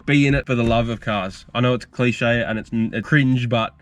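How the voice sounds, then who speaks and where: A man's voice: mid-range voice, normal speed. A young man, hosting a car channel and telling stories in a casual, rambling, frank Q&A vlog. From Australia. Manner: rambling, frank, storytelling with fillers.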